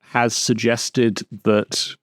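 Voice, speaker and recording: A man narrating a tabletop game as dungeon master on a live stream, in an unhurried way with pauses. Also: medium pitch, level tone, dry recording, clean studio sound.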